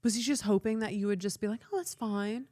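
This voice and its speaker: Woman, guest on stream, casual chat, quick reactive quips. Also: medium pitch, dark tone, dry recording, clean studio sound. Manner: reactive, laughs and chimes in with quips.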